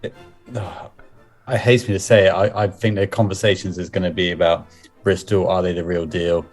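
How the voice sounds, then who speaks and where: A man's voice: low-pitched, little pitch movement, moderate pace, faint music behind. A man co-hosting a casual sports podcast, wry and grudging about his picks. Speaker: podcast co-host.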